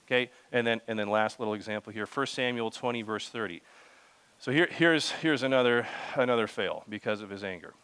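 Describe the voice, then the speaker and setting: Young male pastor, mid-pitched, loose and chatty sermon delivery with asides to the congregation. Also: brisk, fairly bright tone, smooth. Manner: conversational, with many restarts and asides to the congregation.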